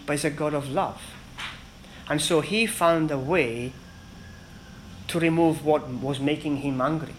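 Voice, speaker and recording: A man preaching a sermon in an earnest, emphatic way, with dramatic pauses between phrases. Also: fairly high pitch, slight background noise, poor audio.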